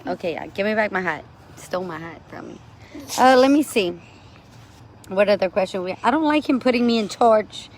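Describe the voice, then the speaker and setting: Casual, mid-pitched chatty woman. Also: expressive, moderate pace, a little hiss or hum. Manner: casual, leans on fillers like "like" and "um". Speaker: co-host on a live stream. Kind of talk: casual livestream chat.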